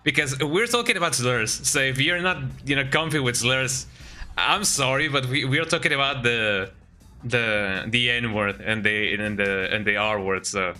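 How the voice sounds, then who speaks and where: A male streamer chats casually over his gameplay, rambling and restarting his sentences, often tagging them with a quick "eh?". His voice is strikingly bright and forceful, and faint game music plays underneath. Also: medium pitch. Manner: rambling, tags remarks with "eh?". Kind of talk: casual live-stream chat while gaming.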